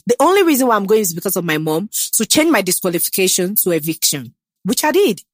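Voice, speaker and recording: A woman's voice: mid-range voice, sing-song, fast talker, dry recording, studio quality. A young woman with a Nigerian accent, chatting in an interview about herself, confident and emphatic, slipping into Pidgin. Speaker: guest. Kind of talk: casual interview chat.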